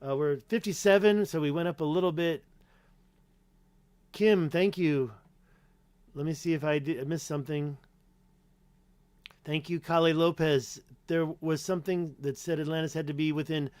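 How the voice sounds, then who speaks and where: A man hosts a casual live-stream Q&A with a slightly high voice, rambling from point to point and correcting himself as he goes. He reads viewer names aloud between answers. The sound is dry and close, with no room echo. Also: fairly even intonation, moderate pace, long pauses, a little mellow, smooth. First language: English. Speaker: YouTube host answering live chat.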